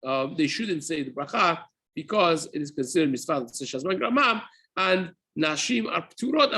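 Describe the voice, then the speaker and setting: Bright, husky-voiced rabbi teaching. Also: male voice, high-pitched. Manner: explanatory, repeats and rephrases, mixes Hebrew terms into English. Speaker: rabbi teaching daily halacha. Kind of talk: spoken Torah class.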